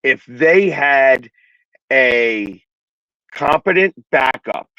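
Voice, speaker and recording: A man's voice: medium pitch, pushed and bright, no room sound, lo-fi sound. A man with a Philadelphia accent hosting a casual sports talk show, rambling with many restarts and fillers.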